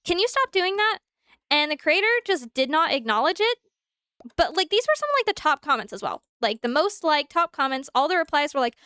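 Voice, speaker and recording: Young woman streamer, bright high pitch, dry close mic, casual animated live chat. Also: brisk, dry recording. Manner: animated, talks through examples, answers chat.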